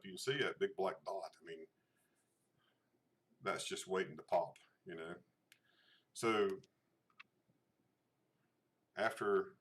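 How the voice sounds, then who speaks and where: A man's voice: deep voice, fairly bright tone. A middle-aged man, chatting casually to a livestream audience, rambling with many fillers and restarts. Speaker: channel host. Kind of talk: casual livestream chat showing photos.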